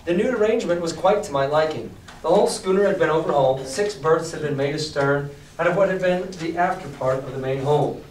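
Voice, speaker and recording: A man's voice: fairly high pitch, brisk, slight background noise. Male teacher reading aloud in an echoey classroom. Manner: animated, asks the class questions. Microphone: distant mic. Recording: echoey classroom, distant mic.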